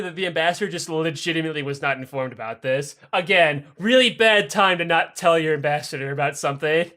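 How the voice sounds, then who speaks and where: A man's voice: a little high, quick pace. A man co-hosting a podcast, telling history as a casual, profane comedy story and acting out the people in it with raised voices. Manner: animated, profane, acts out quoted figures in raised voices. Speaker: podcast co-host.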